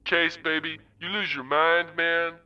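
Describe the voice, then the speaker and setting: A man's voice: fairly high pitch, little pitch movement, unhurried, pitched above the performer's own voice, lightly acted. Man voicing a languid, taunting AI. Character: languid, mocking AI posing as a pimp. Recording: dull old tape, distant.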